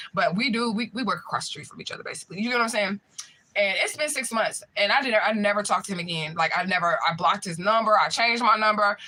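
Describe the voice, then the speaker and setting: Fast-talking profane storyteller, bright voice. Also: medium pitch. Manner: profane, animated, slangy storytelling; keeps checking in with the listener. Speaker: spiritual reader telling a story. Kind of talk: casual storytime vlog.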